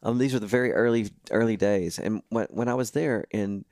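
Man, animated storyteller; quotes others in put-on voices; dry studio sound. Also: fairly low pitch, brisk, no echo. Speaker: guest musician. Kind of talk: storytelling in casual chat.

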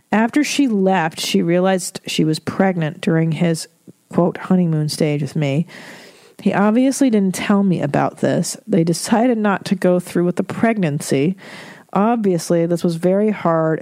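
A woman's voice: fairly low pitch, mellow, dry recording. A woman comedian hosting an advice podcast, reading listener emails and giving blunt, profane, candid advice. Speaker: podcast host.

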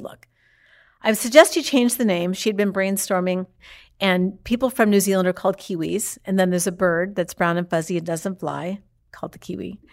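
A woman telling her mother's story in a casual way, acting out what people said. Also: mid-range voice. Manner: animated, acts out quoted speech.

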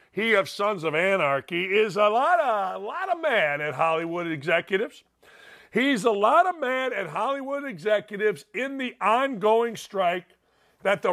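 A man with a Northwest Indiana accent hosts a sports talk show, speaking in a brash, mocking monologue. His voice sits high for a man. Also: a bit bright. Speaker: radio show host.

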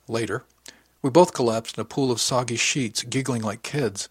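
A man's voice: medium pitch, brisk, slightly rough, no room sound. A man reading a first-person audiobook in a wry, intimate storytelling manner. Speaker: audiobook narrator.

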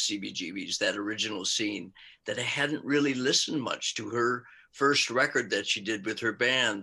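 A man's voice: mid-range voice, sharp tone, slightly rough. An older man, an actor and musician, chatting casually in an interview, rambling with asides and frequent laughs.

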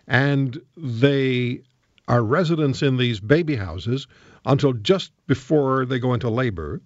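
Animated male talk radio host. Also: mid-range voice, unhurried, dry recording, dull audio. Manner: combative, rhetorical and jokey. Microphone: studio microphone.

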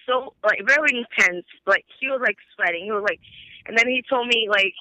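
A Brazilian woman in her 20s with a fairly high voice calls in on a casual phone call and retells a fight quickly in heated bursts, swearing and acting out quoted dialogue. The phone audio is bright and thin, without echo.

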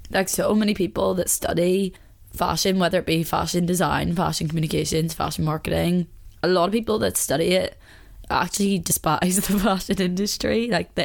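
A young woman in her twenties talks through her thoughts on her own podcast, slightly low-pitched and unguarded. She rambles openly, peppering her sentences with "like" as she thinks aloud in a confessional, chatty flow. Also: steady tone, moderate pace, gravelly. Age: 20s. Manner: rambling and chatty, heavy use of "like"; open and confessional. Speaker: podcast host. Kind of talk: candid casual monologue.

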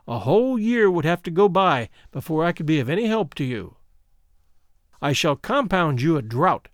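A man reading a storybook aloud and voicing a scheming old female sea witch in a slow, menacing delivery. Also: high voice, no echo, studio quality.

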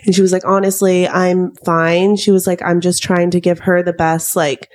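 A woman's voice: on the low side, little pitch movement, normal speed, darkish tone. A young woman in her twenties, co-hosting a podcast and telling a long story in a chatty way, full of "like" and "um". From United States. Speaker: podcast co-host. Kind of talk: casual chat.

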